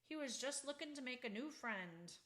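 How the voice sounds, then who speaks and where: A woman's voice: high-pitched, animated, moderate pace, fairly bright tone, pitched above the performer's own voice. A woman voicing a friendly, old-fashioned shepherd man with a cheerful, lilting brogue. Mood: reassuring.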